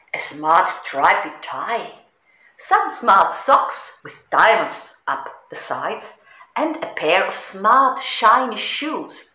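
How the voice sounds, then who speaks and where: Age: middle-aged. Role: woman reading a storybook aloud, slow and lively. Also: mid-range voice. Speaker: storybook reader. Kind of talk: reading a children's book aloud. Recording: echoey room.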